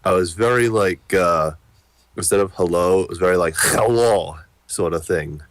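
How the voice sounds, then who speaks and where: A man's voice: low-pitched, normal speed, a bit bright, dry recording. A man chatting casually with friends, crude and profane, joking around.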